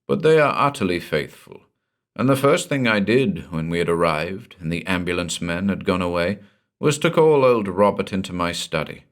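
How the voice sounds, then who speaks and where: Deep-voiced man narrating a horror story. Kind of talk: scripted horror audiobook narration.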